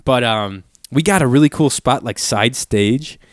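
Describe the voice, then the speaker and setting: A man's voice: mid-range voice, measured pace, dry recording, studio quality. A young man telling a long story in a rambling, profane way, full of "like" and acted-out quotes. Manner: rambling, profane, heavy use of "like", acts out quotes. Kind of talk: casual storytelling chat.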